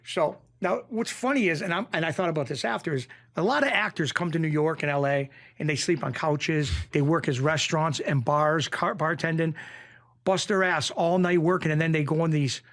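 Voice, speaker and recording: Excitable man telling a story. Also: fairly quick. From Springfield, Massachusetts. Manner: excitable, acts out quotes, jumps pitch when excited. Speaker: guest. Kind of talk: animated storytelling in a podcast interview.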